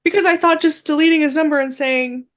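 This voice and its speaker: Young female podcast co-host, slightly high pitch, animated storyteller. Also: fast talker. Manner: animated storyteller, acts out quotes. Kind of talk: casual chat.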